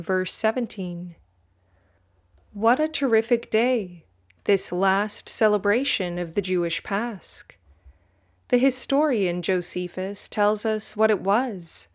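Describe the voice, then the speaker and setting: A woman reading a religious history text aloud in a measured, solemn way, speaking the footnote citations too. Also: medium pitch. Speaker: audiobook reader.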